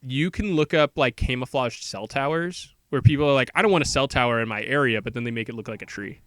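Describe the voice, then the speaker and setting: A man co-hosting a podcast, rambling through a movie plot and slipping into quick quoted voices for the characters. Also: medium pitch, fairly bright tone, no echo. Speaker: podcast co-host. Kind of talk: casual movie recap chat.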